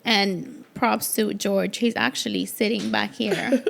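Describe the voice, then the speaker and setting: A woman's voice: mid-range voice, fairly even intonation, slow pace, gravelly, fairly bright tone. A woman hosting an interview podcast, supportive and affirming as she reflects on her guest's story. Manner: supportive, affirming, frequent encouraging murmurs. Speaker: podcast host. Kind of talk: interview conversation.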